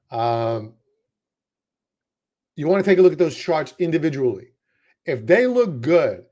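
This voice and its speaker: Brooklyn guy talking stock charts, kinda high voice, chatty and jokey. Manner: chatty, self-deprecating, wordy restarts. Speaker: market analyst. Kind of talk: casual market commentary.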